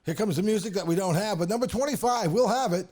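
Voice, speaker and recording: A man's voice: high voice, fast talker, a little mellow. A man hosting a casual sports podcast, joking and rambling, often trailing off and restarting his sentences. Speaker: podcast host.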